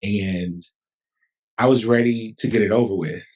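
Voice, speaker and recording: A man's voice: lowish voice, unhurried, a little mellow, husky. A man, a pastor hosting a podcast, talking in a reflective, conversational way. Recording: distant mic, roomy.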